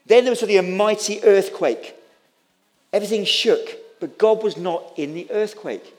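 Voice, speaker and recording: Impassioned preacher, higher voice. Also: male voice, moderate pace, darkish tone, faint music behind. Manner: impassioned, repetitive, with stammered restarts. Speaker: pastor. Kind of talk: sermon.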